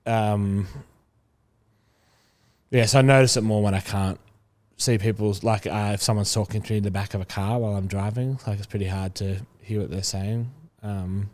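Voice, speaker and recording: A man's voice: lowish voice, fairly even intonation, moderate pace, darkish tone. A young man, a podcast guest, talking casually and rambling with lots of fillers. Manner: chatty, rambling with many fillers. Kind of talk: casual chat.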